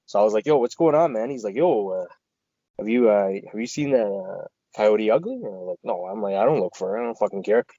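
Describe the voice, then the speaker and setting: A man talking quickly in a loose, rambling way, swearing often as he tells a story and acts out what his friends said. The sound is dry and a little dull. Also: lowish voice, lively intonation, mellow, husky, no echo. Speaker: podcast co-host. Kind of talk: casual storytelling chat.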